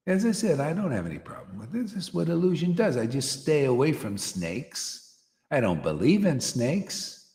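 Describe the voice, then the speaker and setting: A man's voice: mid-range voice, darkish tone. A man preaching informally to a devotional gathering, rambling and peppering his talk with "you know" and "man". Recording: echoey hall with long reverb.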